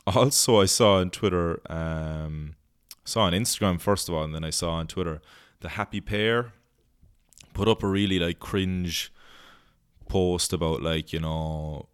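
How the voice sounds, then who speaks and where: A man's voice: low-pitched, smooth, no room sound, studio quality. An Irish man hosting a podcast, rambling comically, swearing a lot and slipping into silly voices. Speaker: podcast host. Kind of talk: casual comedic monologue.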